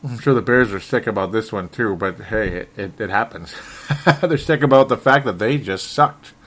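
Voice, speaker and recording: Speaking at a moderate pace, this solo sports podcaster has a voice on the low side and a bit bright. He wanders through his commentary with frustration, frequently catching and fixing his own words between chuckles.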